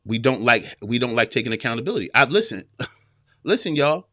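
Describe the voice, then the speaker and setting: A man's voice: mid-range voice, very animated, fairly quick, pushed and bright, no echo, clean studio sound. A man in his forties hosting an advice podcast, talking straight to listeners with emphatic repeated phrases. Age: 40s. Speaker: podcast host giving relationship advice. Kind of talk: casual counseling talk to listeners.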